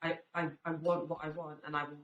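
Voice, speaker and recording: Low-voiced woman, earnest and reflective. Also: flat delivery, a little fast, lo-fi sound. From Albanian family, raised in UK. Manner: earnest, reflective, many fillers. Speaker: guest, swimwear brand founder. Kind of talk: casual podcast chat. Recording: echoey room with faint background noise.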